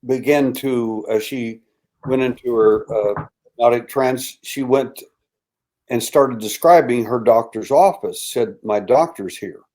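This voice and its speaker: An older man, a guest in an interview, tells a story with animated delivery, acting out quoted voices and dropping to a hushed tone. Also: medium pitch, unhurried.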